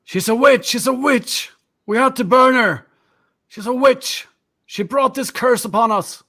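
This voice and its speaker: A man doing a fanatical shouting villager. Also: very high voice, a little slow, voice pushed up, heavily acted. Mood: accusing. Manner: shouting, jeering. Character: angry fanatical male villager, mocking.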